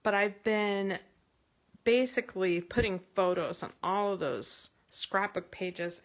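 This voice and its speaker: A woman hosting a casual card-making tutorial from her craft space, chatty and rambling, with bursts of excitement. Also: medium pitch, slow.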